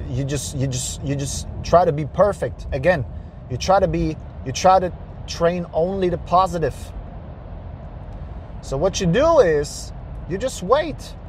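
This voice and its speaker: Brief: male vlogger, slightly high voice, cocky and profane, lectures viewers outdoors with faint traffic behind. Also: a little mellow. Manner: profane, preachy, repeats himself for emphasis. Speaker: dating advice vlogger. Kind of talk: blunt advice monologue to camera.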